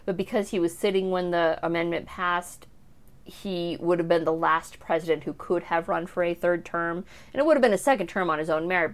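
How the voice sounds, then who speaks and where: A young woman casually talking through a book she has read, chatty and full of asides. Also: fairly low pitch. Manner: chatty, with frequent fillers and asides. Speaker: book reviewer. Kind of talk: casual book review talk.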